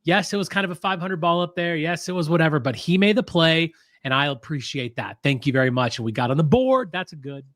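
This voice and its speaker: A man's voice: fairly high pitch, expressive, brisk, few pauses, a bit bright, no echo, clean studio sound. A man co-hosting a casual sports podcast, giving enthusiastic, emphatic analysis. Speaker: podcast co-host.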